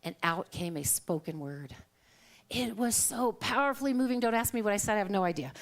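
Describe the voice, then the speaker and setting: A woman's voice: medium pitch, lively intonation, a little fast. A middle-aged woman giving a conversational sermon, telling personal stories, acting out quoted dialogue and laughing often. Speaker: guest speaker at a Sunday service.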